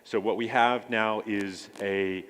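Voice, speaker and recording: A man pitching his startup accelerator at a conference, hesitant, with many filler sounds and restarts. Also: fairly even intonation, slow pace, fairly bright tone, smooth.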